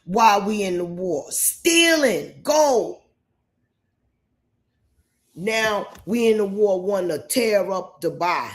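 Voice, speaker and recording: A man's voice: high-pitched, lively intonation, takes it slowly, pauses often, a bit bright. A man from New York State hosting a livestream and giving opinions in a rambling, emphatic way, often repeating himself. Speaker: livestream host.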